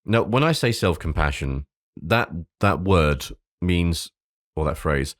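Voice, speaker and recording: A man's voice: sits low, expressive, takes it slowly, dry recording, studio quality. A man hosting a podcast, reading an earnest script with loose, sweary asides. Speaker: podcast host.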